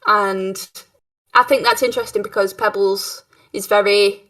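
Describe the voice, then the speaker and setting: A woman's voice: medium pitch, fairly even intonation, a little slow, a bit bright. Giggly Cockney woman, a bit distant. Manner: giggly, chatty, trails off and restarts. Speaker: player. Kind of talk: casual chat.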